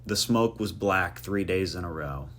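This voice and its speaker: A man's voice: sits low, animated, measured pace, a bit bright, a little hiss or hum. A man hosting a podcast in a casual monologue, rambling through jokey tangents and poking fun at himself. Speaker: podcast host.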